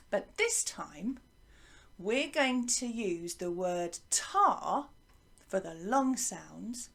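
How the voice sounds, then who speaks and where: Lively woman teaching a children's lesson. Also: a little high. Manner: encouraging, chanting rhythms with pupils. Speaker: primary school music teacher.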